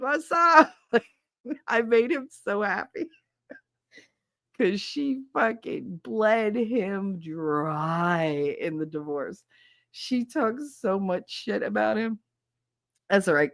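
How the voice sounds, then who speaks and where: A woman in her thirties co-hosting a podcast, telling a gossipy story in casual, profane chat, laughing often and jumping up high to quote people. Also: dry recording, studio quality. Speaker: podcast co-host.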